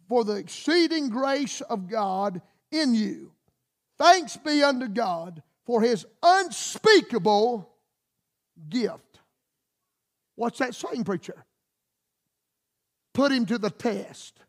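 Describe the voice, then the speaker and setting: A man's voice: very high voice, lively intonation, slow pace. A man preaching a fervent sermon with emphatic, rhythmic repetition.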